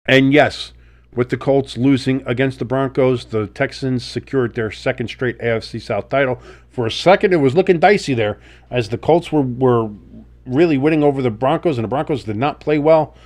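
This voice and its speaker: A man's voice: medium pitch, normal speed, darkish tone. A man with a sick, sniffly voice doing play-by-play commentary and reactions, blunt and swearing freely, jumping up on big plays. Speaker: sports streamer.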